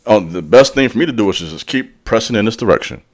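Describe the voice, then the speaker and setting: A man's voice: on the low side, animated, fast talker. Man preaching a blunt pep talk. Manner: preachy, direct, calls out the listener; casual street slang, repeats lines for emphasis. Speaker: channel host and spiritual speaker. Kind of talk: motivational monologue.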